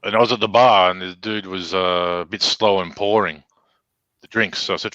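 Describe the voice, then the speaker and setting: A bright, forceful Australian man spins a rowdy story full of swearing and acted-out dialogue. His voice is dry and close, with a dull, lo-fi sound to the recording. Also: sits low, steady tone, moderate pace, dry recording. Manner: profane, acts out quoted exchanges. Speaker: podcast guest. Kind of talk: casual storytelling.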